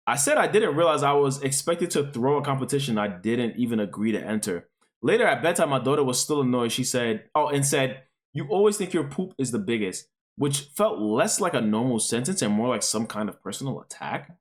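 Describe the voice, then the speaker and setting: Male streamer, reads posts and rants; swears a lot, rambles, pitch jumping all over, average register. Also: expressive, a little fast. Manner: profane, rambling, exclaiming. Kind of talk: reading and reacting to online posts on stream.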